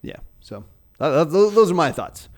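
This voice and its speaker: A man's voice: fairly high pitch, sing-song, moderate pace. A man co-hosting a casual podcast chat, rambling with lots of fillers and restarts. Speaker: podcast co-host.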